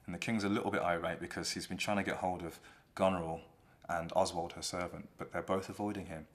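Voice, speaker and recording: Low-voiced guy telling a play's story, easy and chatty. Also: quick pace. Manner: relaxed, conversational. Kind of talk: casual retelling of a play.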